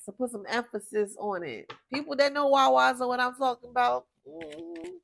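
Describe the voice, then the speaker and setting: A woman's voice: high voice, normal speed, vocal fry, fairly bright tone. A woman from giving a casual spiritual reading, blunt, profane and exasperated, drifting off topic as she talks. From Philadelphia, USA. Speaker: tarot reader.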